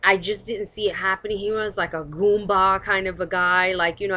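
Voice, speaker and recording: A woman's voice: mid-range voice, fairly even intonation, a little fast, bright, forceful tone. A woman giving casual, opinionated commentary as host of her own live stream. She talks bluntly, swears, and rambles with lots of hedging, recorded on a webcam. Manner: blunt and rambling, swears, hedges with "I don't know".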